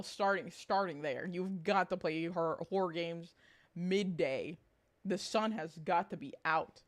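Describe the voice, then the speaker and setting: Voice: medium pitch, a bit bright. Giggly, swearing VTuber streamer. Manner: laughs a lot, swears casually, reads chat aloud. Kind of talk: casual live-stream chat.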